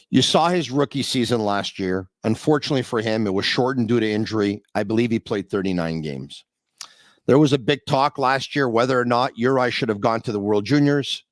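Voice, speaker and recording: A man's voice: medium pitch, dry recording. A man hosting a sports podcast from his home basement, setting up questions in a casual, self-deprecating way. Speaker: podcast host.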